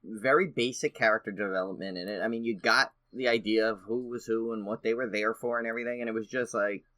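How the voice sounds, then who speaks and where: Podcast guy gushing about movies, lots of uhs, a bit hoarse, dry close mic. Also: on the low side, steady tone, fast, pushed and bright, no echo. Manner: enthusiastic, many fillers. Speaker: podcast co-host. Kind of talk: casual chat.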